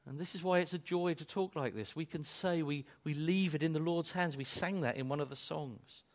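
A man's voice: a little high, brisk. Preaching man with a swelling voice. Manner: dynamic preaching, swells loud then drops soft; repeats and restarts phrases. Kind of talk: sermon.

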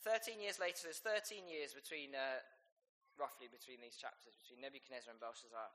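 A man preaching a sermon, reading scripture aloud and rising to loud, emphatic peaks. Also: medium pitch, fairly quick. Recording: long hall reverb.

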